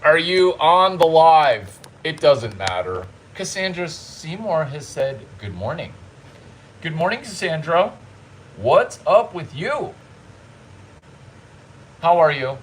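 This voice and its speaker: Slow-talking playful joking vlogger man. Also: on the high side, sing-song, a little hiss or hum. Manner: playful, crude jokes, exaggerated baby talk. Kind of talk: casual vlog chatter.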